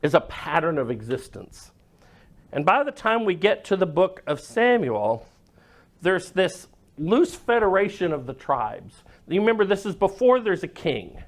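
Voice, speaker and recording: Male pastor, sermon, storytelling, high and animated, unhurried. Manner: storytelling, dramatic drops to a hush.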